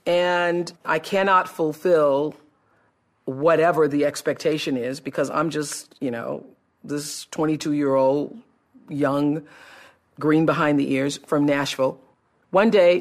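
A woman tells a story from her own life, her voice low and gravelly. She talks animatedly and slips into other people's voices as she quotes them. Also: a little slow. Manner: animated, acts out quoted dialogue. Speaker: public speaker. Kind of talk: personal storytelling talk.

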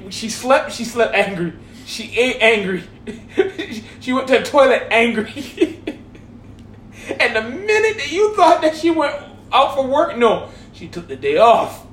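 A man from Hawaii telling a comic story casually, animated and laughing through his words, in a roomy echoing room. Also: extremely high pitch, takes it slowly, a little hiss or hum.

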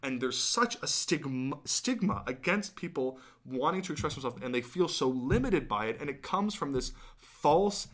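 A man's voice: mid-range voice, animated, moderate pace, a bit bright. A man co-hosting a podcast, ranting animatedly in casual chat and swearing now and then. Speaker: podcast co-host.

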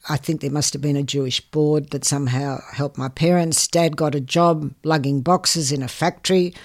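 An older woman, giving earnest, measured interview answers and often repeating words. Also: low voice, a little mellow. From Hungary. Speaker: guest. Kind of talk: interview answers, personal recollection.

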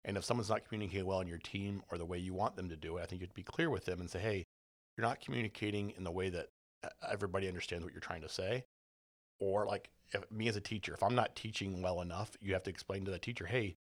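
A man with a deep, gravelly voice talks through workplace lessons in a casual podcast chat. He is earnest and repetitive, circling back to his main points. The sound is dry and close. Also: fast talker, no echo. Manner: earnest, repeats key points, talks about his own team. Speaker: podcast co-host, business leader.

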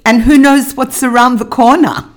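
A woman's voice: sits high, fairly even intonation, moderate pace. A young woman, co-hosting a podcast in casual chat, teasing and encouraging. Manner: supportive, teasing interjections. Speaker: podcast co-host.

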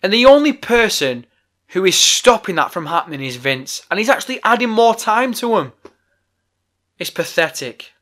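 A man's voice: sits high, very animated, normal speed, a bit bright. A man hosting a podcast, delivering a heated, profane, exasperated rant. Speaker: podcast host. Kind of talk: ranting podcast monologue.

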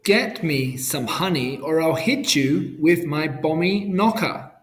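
A man's voice: a little high, animated, slow. A man voicing a hungry, bossy male giant who makes demands and threats in a storybook reading. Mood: demanding.

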